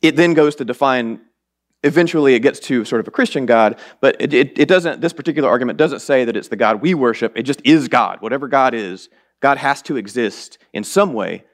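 A man's voice: mid-range voice, fairly quick. A man preaching a sermon in a church in a casual, rambling, self-deprecating way, his voice a bit strained. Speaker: lay preacher. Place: church sanctuary.

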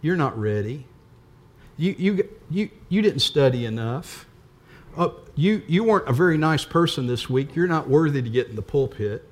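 An older man preaching a sermon, voicing a sly, belittling male devil in a low, hushed taunt. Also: animated, normal speed.

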